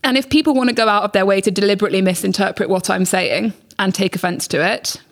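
A woman's voice: medium pitch, fast. Woman, podcast guest, candid and emphatic, rambling delivery. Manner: rambling, emphatic, swears freely, mimics voices in anecdotes.

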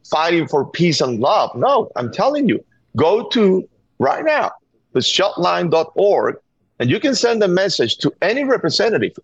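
A man's voice: high-pitched, breathy edge, no echo. A middle-aged man from Venezuela with a Venezuelan Spanish accent, speaking earnestly and urgently as a guest, often repeating words as he presses a point. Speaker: guest, gun violence activist. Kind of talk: call-in interview. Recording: dull, dry remote line.

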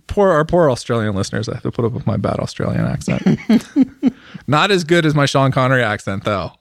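A man's voice: mid-range voice, brisk, creaky, no echo, studio quality. A man co-hosting a podcast, joking around in casual banter and laughing often. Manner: jokey, laughs often, animated. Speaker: podcast co-host.

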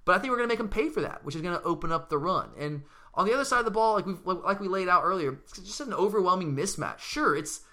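Bright-voiced passionate young sports fan. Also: male voice, high voice, lively intonation, fast talker. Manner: passionate, earnest, stumbling restarts. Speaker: sports podcast co-host. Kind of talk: fan sports talk commentary.

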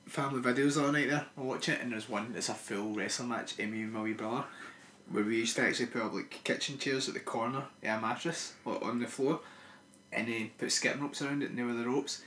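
A Scottish man co-hosting a podcast, telling sweary, animated stories in casual chat. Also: medium pitch, fast, slight background noise. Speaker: podcast co-host. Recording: echoey room.

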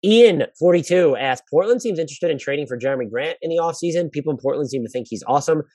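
A man's voice: a little high, expressive, quick pace, a little mellow, no echo. A man hosting a basketball podcast, answering listener questions in a casual, thinking-aloud way with frequent restarts. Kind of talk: casual solo podcast analysis.

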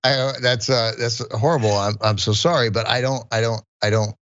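A man's voice: medium pitch, fairly even intonation, brisk, a bit bright. A middle-aged man co-hosting a podcast, telling a story in rambling, self-interrupting chat. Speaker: podcast co-host. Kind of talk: casual chat, comic storytelling. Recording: dull, lo-fi, dry sound.

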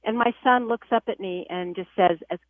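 A woman's voice: medium pitch, a little fast, dry recording. A woman in her sixties calling in to tell a funny family story, chatty and building toward the punchline. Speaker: caller. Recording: tinny phone line.

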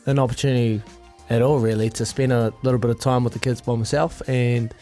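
A New Zealand man co-hosting a breakfast radio show in a studio, telling relaxed childhood stories with fillers and laughs. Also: medium pitch, brisk, soft background music. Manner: laid-back storytelling with frequent laughs and fillers. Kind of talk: casual radio banter.

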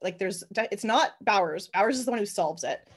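A woman co-hosting a podcast, chatting casually about a film and retelling scenes in an animated way. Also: mid-range voice, brisk, husky. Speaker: podcast co-host. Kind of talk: casual movie discussion.

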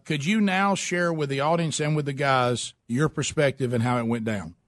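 A man's voice: medium pitch, moderate pace, dry recording, studio quality. A man in his forties hosting a talk show, playful and chiming in with laughs and asides. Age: 40s. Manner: laughing, playful, chimes in with comments. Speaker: host. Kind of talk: casual radio talk show banter.

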